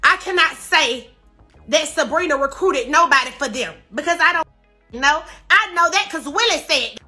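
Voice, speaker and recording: A woman pours out an emotional livestream rant while crying, her high voice bright and edged. She repeats emphatic, defensive denials again and again. Faint music plays behind her. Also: animated, normal speed. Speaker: social media personality on a live stream.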